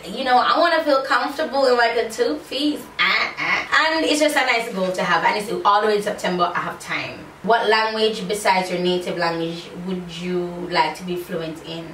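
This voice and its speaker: A woman's voice: fairly low pitch, a bit bright. A woman in her thirties with a Jamaican accent, answering tag questions in a sassy, playful way on a phone video. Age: 30s. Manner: sassy, playful, breaks into little sung bits. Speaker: YouTuber. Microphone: phone camera. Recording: roomy, distant phone mic, faint ambient noise.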